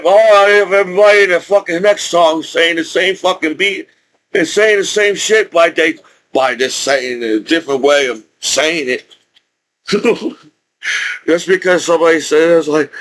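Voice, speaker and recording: A man's voice: fairly high pitch, a bit bright, low-quality recording. A man with a speech impediment, a disabled combat veteran, ranting to camera in an angry, profane, rambling way with many restarts. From United States. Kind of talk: unscripted rant to camera.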